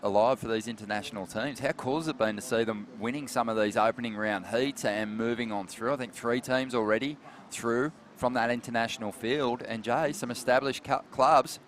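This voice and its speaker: A man with an Australian accent doing live surf commentary in a relaxed, chatty way. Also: mid-range voice, brisk, few pauses, slight background noise. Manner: relaxed and chatty, calls people mate.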